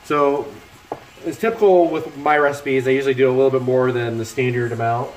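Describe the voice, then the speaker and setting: This middle-aged man has a mid-range voice with fairly even intonation and a fairly quick delivery. He hosts an easygoing cooking livestream from his own kitchen, joking and chatting with viewers as he works. Music plays from laptop speakers, food is frying, and the space is echoey.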